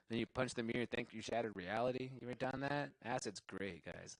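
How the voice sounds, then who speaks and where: A man's voice: medium pitch, fast, few pauses, no echo, low-quality recording. A young man doing a stand-up comedy set, rambling, cursing freely and laughing at his own jokes. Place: live show venue.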